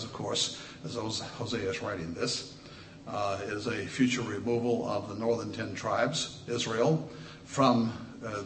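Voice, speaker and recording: A man's voice: on the low side, roomy sound, slight background noise. Man preaching with emphatic scripture reading. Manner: reads scripture slowly and emphatically, asides with restarts.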